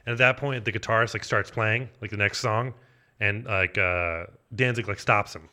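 A man telling an improvised comedic story in a rambling, deadpan way, with a steady stream of "like". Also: fairly low pitch, moderate pace.

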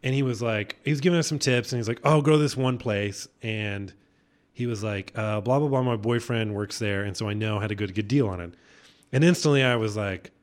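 A man's voice: lowish voice, a little fast. A man with a Texan accent co-hosting a radio talk show, telling rambling, self-conscious stories with many fillers. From Texas. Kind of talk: casual chat.

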